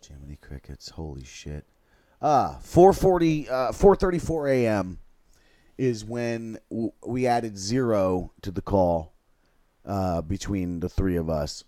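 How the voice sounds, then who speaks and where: A man hosting a livestream, telling a long, halting, rambling story with crude swearing. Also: lowish voice, animated, mellow, dry recording. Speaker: livestream host.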